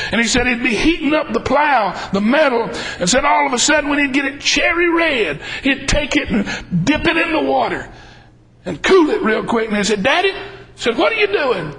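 A man preaching a fervent sermon, emphatic and breaking into shouts. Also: very high-pitched, poor audio.

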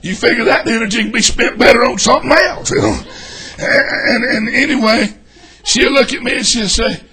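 An older man preaching a folksy sermon, swinging between shouts and hushed asides. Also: very high voice, brisk. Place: church.

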